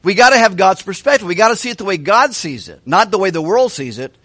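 Animated, higher-voiced male preacher. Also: quick pace, no room sound. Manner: animated, asks questions of the congregation. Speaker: pastor. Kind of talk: sermon. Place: church hall with a kitchen.

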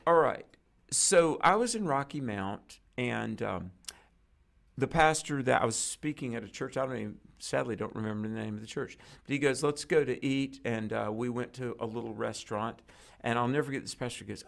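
Gravelly man telling a story. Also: medium pitch, moderate pace. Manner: animated storyteller acting out quoted dialogue. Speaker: guest preacher. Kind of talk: storytelling in a conversation.

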